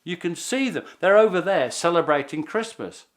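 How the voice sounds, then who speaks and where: A man, a historian telling the story in an animated way with frequent restarts. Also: high-pitched, moderate pace. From Britain. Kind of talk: documentary interview.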